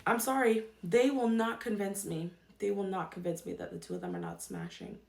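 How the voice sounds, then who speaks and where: A woman's voice: on the low side, wildly swooping pitch, a little fast, creaky, a little mellow, roomy sound. A woman hosting a podcast, giving casual commentary and repeating her points emphatically. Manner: emphatic, repeats herself for stress. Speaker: podcast host.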